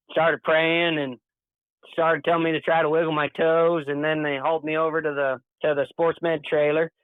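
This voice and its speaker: A man's voice: fairly high pitch, dry recording. A man guest in a casual interview, recounting a story in an earnest, plain-spoken way. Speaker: podcast guest. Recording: thin phone-like dry sound.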